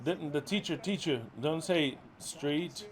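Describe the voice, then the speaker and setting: A middle-aged man leading a ministry, scolding his followers in a profane, exasperated way, swinging from loud outbursts to low muttering. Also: slow. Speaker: ministry leader.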